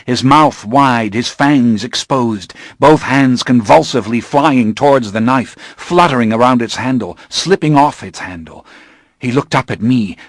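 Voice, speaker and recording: A man reading a first-person audiobook narration in a measured, grim, deliberate manner on a studio microphone. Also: lowish voice, no echo.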